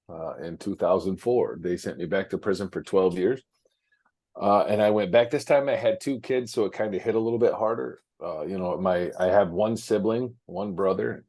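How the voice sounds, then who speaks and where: A man's voice: low-pitched, a little mellow. A man talking frankly as an interview guest, with many fillers and restarts, from his office. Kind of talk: casual interview storytelling.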